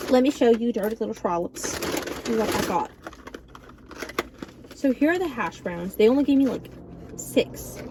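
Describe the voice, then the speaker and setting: A woman's voice: fairly high pitch, animated, moderate pace, pauses often, noisy background. A woman in her early twenties chatting casually while eating on camera, telling her stories in a sarcastic, dramatic way. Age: early 20s. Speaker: vlogger. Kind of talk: casual mukbang chat.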